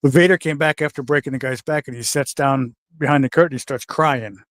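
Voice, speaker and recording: An older man telling backstage stories in a casual, animated way, acting out the voices of the people in them. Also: mid-range voice, a little fast, no room sound, studio quality. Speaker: guest wrestler telling stories. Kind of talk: casual storytelling.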